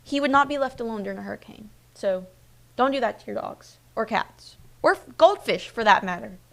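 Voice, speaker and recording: On the high side and fairly quick, this woman's voice has lively intonation and a creaky quality. In her twenties, she hosts a streamed local news program in a chatty, personal style full of fillers, a casual live-stream news chat.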